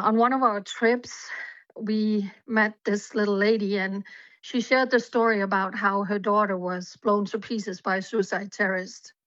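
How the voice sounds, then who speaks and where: Lady guest, earnest storyteller, flat dry muffled remote line. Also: mid-range voice, no room sound. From Denmark. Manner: earnest, fervent storytelling with fillers. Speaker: guest, journalist. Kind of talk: telling her story in an interview.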